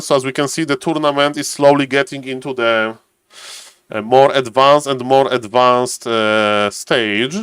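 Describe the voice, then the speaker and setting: A man's voice: mid-range voice, a little slow, fairly bright tone, clean tone, no echo. A man chatting casually on a live stream, greeting viewers by name and thinking aloud as he waits for a match. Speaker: streamer and caster.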